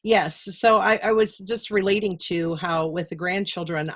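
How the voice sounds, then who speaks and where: This is an older woman chatting as a guest on a show. Her voice sits on the lower side, and she pauses often, filling the gaps with ums while she gathers her thoughts. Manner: hesitant, lots of ums, thoughtful. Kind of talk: casual chat.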